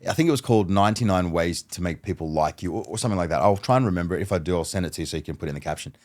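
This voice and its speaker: Man, very low voice, podcast guest, casual storytelling, acts out conversations. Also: racing. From Australia. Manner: animated storyteller who acts out dialogue. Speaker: guest mentalist.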